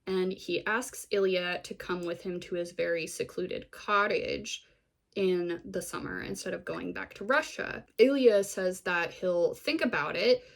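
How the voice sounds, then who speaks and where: A woman's voice: on the low side, measured pace, gravelly. A woman vlogger giving a casual, gossipy recap of a TV series, full of fillers and wry asides.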